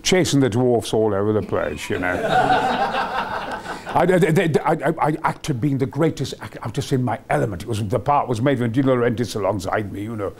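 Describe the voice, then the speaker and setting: A man's voice: mid-range voice, expressive, brisk, hardly any pauses, a little hiss or hum. An older man, being interviewed as an actor, reminisces in an enthusiastic, rambling way with many fillers and restarts.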